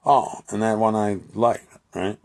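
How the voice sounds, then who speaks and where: A man's voice: lowish voice, fairly even intonation, a little slow, gravelly, a little mellow. A man rambling in a profane monologue, talking back and forth with imagined voices. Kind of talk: rambling monologue voicing both sides of an imagined conversation.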